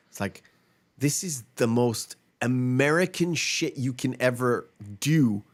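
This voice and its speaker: A man hosting a podcast in casual chat, rambling and emphatic, swearing freely. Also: mid-range voice. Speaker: podcast host.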